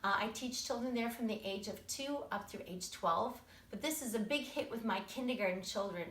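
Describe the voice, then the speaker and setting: A woman's voice: mid-range voice, fairly quick, fairly bright tone. A woman teaching children's music and movement in a cheerful, encouraging, sing-song way, indoors. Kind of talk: live-streamed lesson with chants. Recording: roomy echo.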